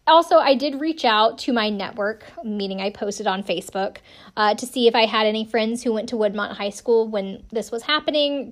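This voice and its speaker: Chatty woman with a fairly high voice. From South Carolina, USA. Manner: chatty, wry and self-deprecating, with frequent "um" and "like". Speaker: podcast host recapping a TV episode. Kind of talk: casual chat.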